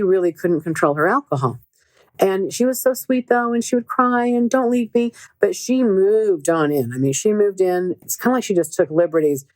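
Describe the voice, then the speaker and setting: The middle-aged relationship coach who hosts the show has a lowish, slightly mellow voice here, captured in a dry recording. She tells stories casually and sincerely, repeating words to drive points home.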